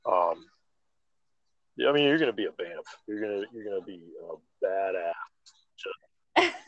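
A man hosting a casual chat, excitable and full of stammered restarts. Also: sits low, moderate pace, no room sound. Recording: slightly dull lo-fi audio.

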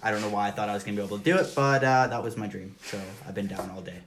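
A man's voice: lowish voice, racing, background noise. A young man co-hosting a casual podcast, telling a story in a wry, easygoing way. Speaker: podcast co-host.

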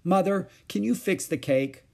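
A man's voice: unhurried, vocal fry, a little mellow, heavily acted. Man doing an upset young girl. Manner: raised pitch, pleading and upset. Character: young girl, worried and indignant older sister.

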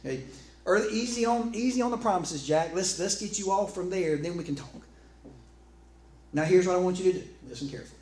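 A man voicing God as a calm, reassuring presence with a wry edge. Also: sits high, brisk, voice pushed up. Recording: echoey room with faint background noise.

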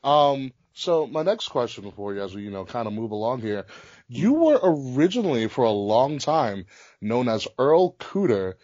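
A man hosting a casual interview, asking short, relaxed questions. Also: medium pitch, normal speed, dull audio. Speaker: interviewer host.

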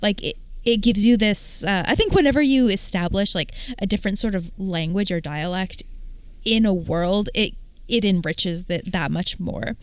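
A woman's voice: mid-range voice, moderate pace, clean tone, no room sound. A woman co-hosting a casual podcast chat, thoughtful and hedging with lots of likes. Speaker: podcast co-host.

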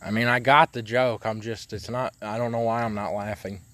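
A man's voice: fairly low pitch, steady tone, a little fast, fairly bright tone. 18 yo guy goofing around on a vlog, swears constantly, crude jokes, laughs a lot. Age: 18, young adult. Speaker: vlog co-host. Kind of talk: casual crude banter.

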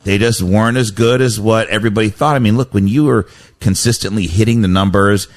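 A man's voice: fairly low pitch, fairly even intonation, fairly quick. A man hosting a radio finance show, chatting casually and correcting himself as he goes. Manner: rambling, self-correcting, chatty. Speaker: radio host, stock advisor. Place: radio studio.

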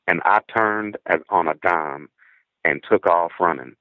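A man with a very low, deep voice tells an encounter story from his past over a thin, tinny phone line with no room sound at all. He speaks earnestly and haltingly, often repeating a word before pressing on. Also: no room sound. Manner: earnest, halting, repeats words when tense. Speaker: guest telling a personal encounter story. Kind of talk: first-person encounter story.

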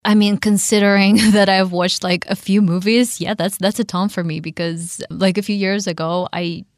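A woman guest on a radio chat, talking in a playful, animated way and laughing often. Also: mid-range voice, normal speed, dry recording, clean studio sound.

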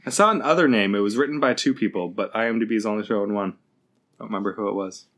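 Podcast co-host, male, low pitch, bright forceful tone, chatty trivia sharer. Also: fast talker. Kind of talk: casual chat.

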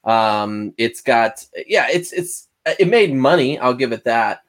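A man's voice: mid-range voice, expressive, slow. A man co-hosting a casual podcast, moving the talk along in a dry, matter-of-fact way. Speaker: podcast co-host. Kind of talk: casual chat.

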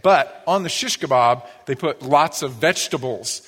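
A pastor giving a sermon, telling stories in a lively, conversational way. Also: male voice, mid-range voice, normal speed, breathy edge. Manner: storytelling, animated, acts out quoted voices. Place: church sanctuary. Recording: long church reverb.

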